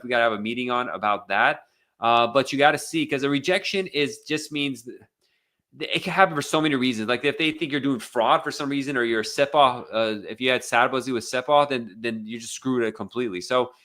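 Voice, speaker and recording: Here a US immigration lawyer fields viewer questions during a relaxed live Q&A, often restarting sentences and leaning on filler words. His voice is mid-range, with a sharp edge to it.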